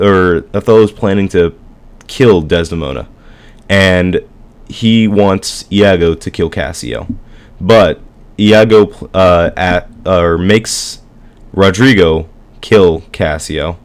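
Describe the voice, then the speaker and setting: Low-voiced guy casually retelling a story. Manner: rambling, filler-heavy, slangy. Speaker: student presenting a school project.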